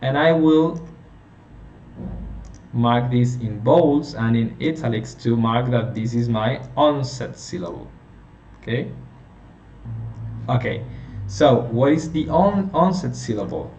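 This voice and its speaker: Male phonetics teacher, patient and slow, quizzes students, faint hiss behind. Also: medium pitch, animated, a little mellow, highs cut off. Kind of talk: online phonetics lesson. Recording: echoey room, a little far from mic, faint hiss.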